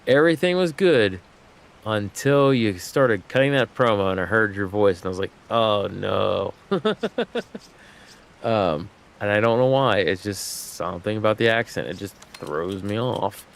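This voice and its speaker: A man with a lowish voice, a native English speaker, chats casually while gaming on a livestream, rambling and often using fillers and restarting sentences. There's slight background noise.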